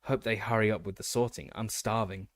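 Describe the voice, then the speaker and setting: A man's voice: lowish voice, fairly even intonation, brisk, no echo, studio quality, close to an everyday voice. Man reading as a hungry teenage boy wizard. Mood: weary.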